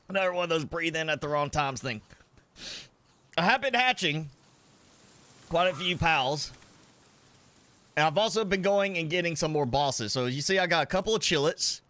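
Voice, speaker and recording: Give me a male game streamer talking casually while eating, with a bright, slightly high voice. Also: normal speed, pauses often, dry recording. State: coughing, sinuses clearing from spicy food. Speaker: gaming streamer. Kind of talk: casual live-stream chat.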